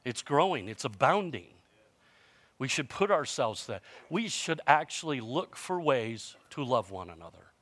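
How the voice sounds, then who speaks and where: A man's voice: mid-range voice, very animated, measured pace, fairly bright tone. A man in his fifties preaching a sermon in a conversational storytelling way, with self-mocking humor and frequent restarts. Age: 50s. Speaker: pastor.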